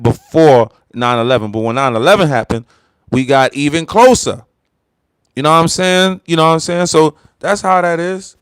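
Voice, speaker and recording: A man's voice: on the high side, clean tone, no room sound, studio quality. Rambling man livestreaming to his chat. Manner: rambling, heavy fillers, laughs loudly; heated, loud ranting. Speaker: livestream host. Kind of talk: casual livestream chat reading comments.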